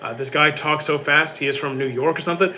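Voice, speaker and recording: A young man streaming live, reading out chat questions and answering them in quick, casual bursts. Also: a little high, fairly even intonation, pushed and bright, slight background noise. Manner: quick, reads questions aloud then answers briefly.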